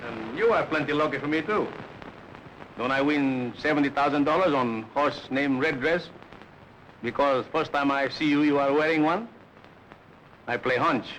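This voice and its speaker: An actor playing a boisterous immigrant gambler, speaking broken English and chuckling often, in 1930s film dialogue. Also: male voice, on the high side, moderate pace, long pauses, fairly bright tone, slight background noise, natural voice, rough recording. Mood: jovial.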